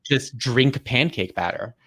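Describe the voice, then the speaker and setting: A man's voice: medium pitch, expressive, measured pace, sharp tone, slightly rough, heavily acted. A man playing a bemused husband in an improvised comedy scene, teasing his partner in a dry, mostly plain voice.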